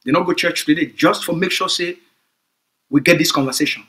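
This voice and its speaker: A man's voice: a little high, brisk, sharp tone. A man with a Cameroonian Pidgin English accent, giving an emphatic, repetitive political address to supporters as a movement spokesman.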